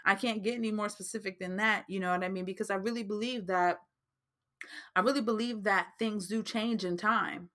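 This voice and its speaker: A woman's voice: mid-range voice, fairly even intonation, a little fast, a bit bright. Jersey lady hosting her podcast, chatty and rambling, lots of ums and likes, faith talk. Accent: New Jersey. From New Jersey. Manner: chatty, repeats herself, frequent fillers. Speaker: podcast host. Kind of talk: casual faith-based advice talk.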